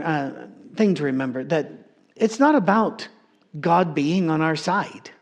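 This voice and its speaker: A man preaching a sermon, telling a story in a humorous, conversational way. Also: a little high.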